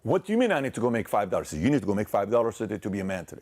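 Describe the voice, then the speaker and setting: Man, husky low voice, motivational speech, acts out a story's dialogue, loud then hushed. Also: animated, fast talker, few pauses. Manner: acts out dialogue in a parable, swinging loud and soft. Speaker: speaker in a played clip.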